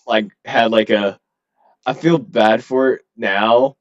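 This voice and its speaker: Rambling soldier on dull lo-fi audio. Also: male voice, on the low side, fairly even intonation, slow pace. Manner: rambling, hesitant storytelling. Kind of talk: casual chat.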